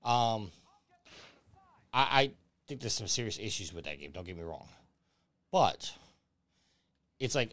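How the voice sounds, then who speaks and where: A man's voice: fairly low pitch, big pitch swings, measured pace, long pauses, fairly bright tone. A man hosting a game stream, rambling casually through gaming talk and chuckling often. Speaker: streamer host.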